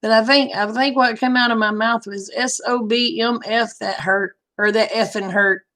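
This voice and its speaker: Her voice sits on the higher side, bright and steady, at a moderate pace. As host of a casual livestream, she chats with her viewers, naming them as she says hello, and laughs often while recounting frank personal anecdotes.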